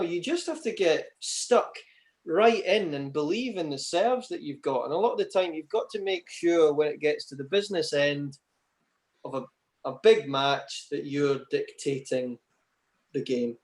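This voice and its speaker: Man, interview guest, chatty storyteller, slightly high voice. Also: normal speed. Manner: chatty anecdotes, many "you know" asides. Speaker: interview guest, table tennis player.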